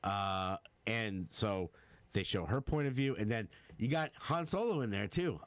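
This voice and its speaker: A man's voice: on the low side, lively intonation, measured pace, dry recording. A man co-hosting a podcast, chatting casually and rambling with plenty of fillers. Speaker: podcast co-host. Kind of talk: casual movie chat.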